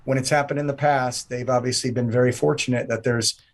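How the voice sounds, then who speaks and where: A man's voice: medium pitch, steady tone, fairly quick. A man guesting on an interview, talking with enthusiasm in long run-on sentences. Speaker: event promoter guest. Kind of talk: casual interview chat.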